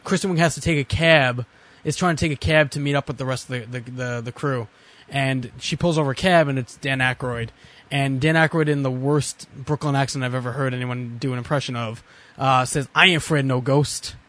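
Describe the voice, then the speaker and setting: A man's voice: mid-range voice, fairly even intonation, brisk, a bit bright. A man co-hosting a podcast, reviewing a movie in casual, rambling, sardonic chat full of swearing and restarts. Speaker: podcast co-host.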